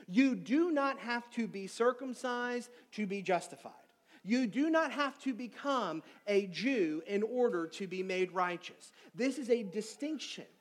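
A man preaching a sermon as pastor, emphatic, swinging between loud stressed words and quiet, soft asides. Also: high voice.

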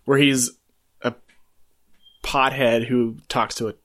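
A man's voice: medium pitch, flat delivery, takes it slowly, fairly bright tone. A laid-back man co-hosting a casual movie podcast. He answers in short, dry lines and lets his friend carry the jokes. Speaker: podcast co-host. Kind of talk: casual chat.

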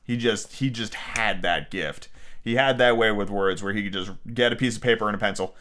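A man's voice: on the low side, fairly quick, fairly bright tone. A young man hosting a podcast, reading a classic novel aloud and breaking off into blunt, profane, opinionated asides. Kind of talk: casual audiobook reading with rants.

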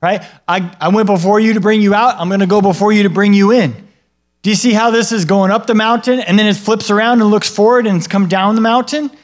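A man's voice: high-pitched, fairly even intonation, fast. A man preaching a sermon in a conversational way, often checking in with listeners and acting out the people in the stories. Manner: conversational, asks the listeners questions and tags lines with "right?"; acts out what God and other people say in a livelier voice. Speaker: pastor.

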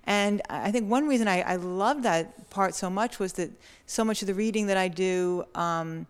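Smooth-voiced woman asking a question. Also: mid-range voice. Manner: earnest, measured. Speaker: audience member asking a question.

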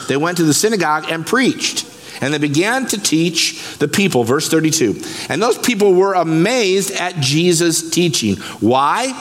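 Pastor guy preaching hard, kinda high voice, big church hall echo. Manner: animated preaching, breaks scripture down word by word. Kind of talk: sermon. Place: church sanctuary. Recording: long reverb of a church hall.

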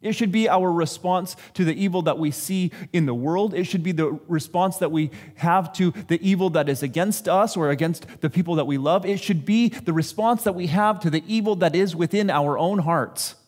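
A man's voice: high voice, normal speed, hardly any pauses, a little mellow. A man giving a sermon in a conversational, self-deprecating way, acting out what people say. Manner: conversational, self-deprecating preaching with acted-out quotes. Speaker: pastor.

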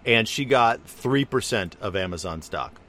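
A man's voice: lowish voice, lively intonation, a little slow, sharp tone, a little hiss or hum. A man in casual conversation, musing at length and rambling through his explanations. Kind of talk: casual chat.

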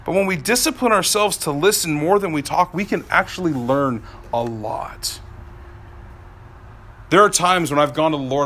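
Male pastor, thirties, high and bright voice, animated preaching, dips soft then climbs loud. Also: normal speed. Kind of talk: sermon.

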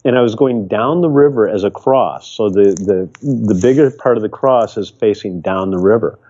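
Older man with a dark, muffled voice. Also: fairly low pitch, normal speed. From Michigan. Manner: earnest, rambling with restarts. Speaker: podcast guest. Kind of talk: reflective storytelling. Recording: dull lo-fi remote audio.

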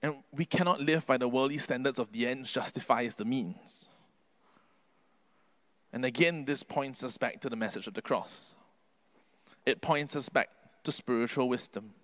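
A man preaching a sermon earnestly, building to emphatic peaks and then dropping his voice low. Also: normal speed, pauses often, fairly bright tone. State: can't sing due to covid.

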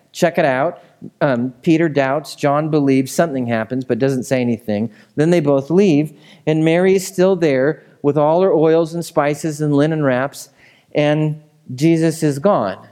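A man delivers a sermon in a relaxed, talky way and keeps checking in with his listeners. His voice sits a little high for a man. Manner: conversational, asks the room questions. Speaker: pastor.

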